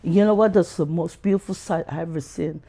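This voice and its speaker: Gravelly man in his sixties. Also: fairly quick. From Philippines. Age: 60s. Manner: animated, acts out quotes in high voices. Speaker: guest. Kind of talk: personal storytelling in an interview.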